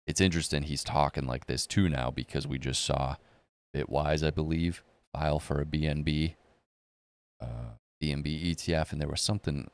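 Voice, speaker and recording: Host type: deep, gravelly man riffing loosely on markets, swears freely. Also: normal speed, no echo. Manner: blunt, profane, rambling. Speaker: crypto and economy video host. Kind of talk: casual market commentary.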